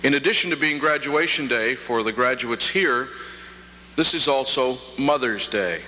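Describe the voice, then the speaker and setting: A middle-aged man from Prince Edward Island giving a formal convocation address at a podium, with measured pacing and dry humor. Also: medium pitch, pushed and bright. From Prince Edward Island, Canada. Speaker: convocation speaker. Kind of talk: formal ceremonial address with jokes. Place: large hall. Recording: reverberant hall, faint hum, 1990 archive.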